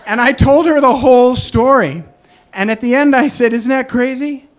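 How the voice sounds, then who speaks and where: A man telling a personal story live on a club stage, animated and self-deprecating. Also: very high voice, moderate pace. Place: club stage in New York.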